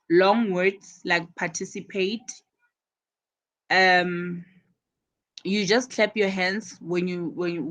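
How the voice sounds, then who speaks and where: A woman giving a classroom lesson on English word stress, speaking at a slow, careful pace. She repeats key words patiently and leans on the stressed syllables as she explains. Her voice sits at an ordinary middle pitch. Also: rough recording. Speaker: English teacher.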